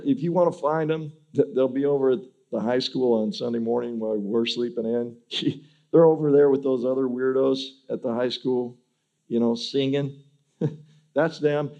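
A man's voice: mid-range voice, steady tone, normal speed, creaky, few pauses, dark tone, lo-fi sound. A man acting out a neighbor who mocks churchgoers as weirdos, in a teasing, sneering way. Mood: mocking.

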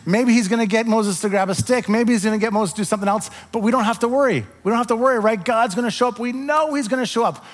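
Guy preaching a sermon, pretty high voice, swings from upbeat to soft and quiet. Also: fast talker, hardly any pauses, in a large hall. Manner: animated storytelling, drops to soft quiet tones. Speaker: pastor.

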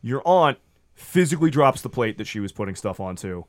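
Male game master, mid-pitched, rambling filler-heavy narration. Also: very animated, a little fast.

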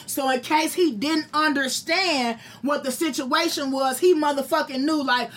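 A young adult woman telling a profane, animated story to friends and acting out the quotes. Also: high voice, unhurried, hardly any pauses.

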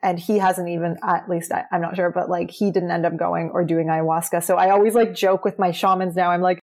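Earnest chatty woman, lowish voice. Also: level tone, brisk, a little mellow. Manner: chatty, earnest, says "like" often. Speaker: interview guest. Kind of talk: candid personal storytelling.

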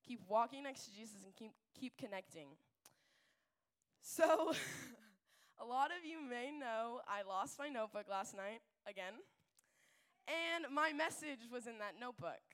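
A young woman speaks at a youth gathering in a casual, filler-heavy way, drifting into lively asides. Her voice sits a bit high and comes across smooth and resonant. She tells stories more than she preaches. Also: measured pace. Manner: chatty, filler-heavy, animated storytelling. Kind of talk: casual faith talk.

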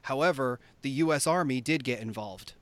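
A man's voice: medium pitch, normal speed, clean tone. A man hosting a casual podcast discussion, thoughtful and full of fillers as he talks things through. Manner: thoughtful, many fillers and hedges. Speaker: podcast host.

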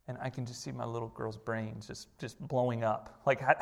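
A man preaching a conversational sermon, emphatic and repetitive, firing rhetorical questions and sometimes sinking to a hushed, slow voice. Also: mid-range voice, little pitch movement, gravelly. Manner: emphatic, repeats phrases, asks rhetorical questions; drops to a hushed, slow voice for tender moments. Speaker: pastor.

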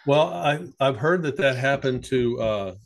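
A man's voice: medium pitch, unhurried, vocal fry. A middle-aged man, a psychotherapist, telling long anecdotes in a casual conversation. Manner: rambling storyteller, lively anecdotes. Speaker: psychotherapist guest.

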